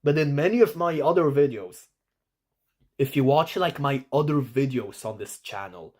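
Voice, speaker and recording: A man talking to camera in a slow, halting way, full of restarts, while he works at sounding lower and plainer. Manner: self-conscious, trying to talk in a lower, flatter way. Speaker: vlogger. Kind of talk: self-recorded talk to camera.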